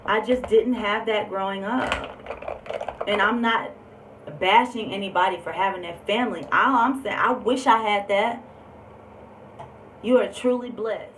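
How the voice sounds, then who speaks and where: A woman's voice: medium pitch, a little slow, long pauses, fairly bright tone. Woman telling her own story on her vlog, emphatic and open, echoey room, sounds a bit distant. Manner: candid and emphatic, with lots of fillers. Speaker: vlogger. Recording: roomy echo, distant mic, faint background noise.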